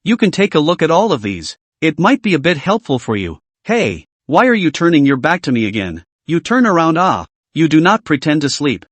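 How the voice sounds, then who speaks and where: A man's voice: a little high, sing-song, fairly quick, hardly any pauses, no room sound. A man reading an earnest teasing schoolgirl. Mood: coaxing. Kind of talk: storybook narration of a comic.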